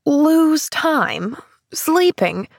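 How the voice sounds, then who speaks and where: A woman's voice: mid-range voice, slow pace, vocal fry, husky, dry recording, heavily acted. A woman reading the part of a bitter, grudging bedridden woman in her forties, sour and dry. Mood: complaining.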